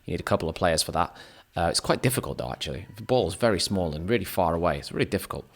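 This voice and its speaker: A man talks casually to his viewers like a relaxed teacher. His voice sits low and deep, and he rambles, corrects himself mid-thought and slips in dry little jokes. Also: rapid-fire, gravelly. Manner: rambling, self-correcting, joking asides to the viewer. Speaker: English teacher. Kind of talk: casual chat.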